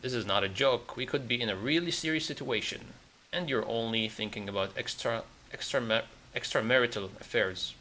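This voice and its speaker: A no-nonsense detective from a video game, curt and firm, with no patience for nonsense, as voiced by a man reading along. The tone is bright and clear, set in a middle register. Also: mid-range voice, brisk, a little hiss or hum, close to an everyday voice. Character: blunt, no-nonsense male detective. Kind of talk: reading game dialogue aloud.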